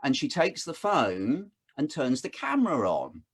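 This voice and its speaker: A man in his fifties talking casually on a video call, telling lively stories and acting out the voices he quotes. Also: mid-range voice, measured pace, husky. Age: 50s. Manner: animated storytelling, acts out quoted voices. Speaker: guest speaker.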